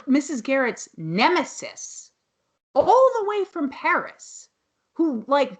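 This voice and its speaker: A woman's voice: high voice, a bit bright. A woman co-hosting a podcast, casually and rambly recapping a TV episode with many restarts. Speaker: podcast co-host.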